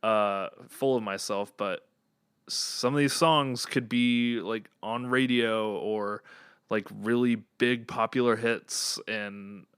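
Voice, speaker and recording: A young man chats on a podcast in an earnest, rambling way, full of fillers and restarts. His voice sits a little low and sounds smooth and clean. The recording is dry, with no room sound. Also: steady tone, slow, fairly bright tone, dry recording. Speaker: podcast co-host and band member. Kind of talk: casual chat.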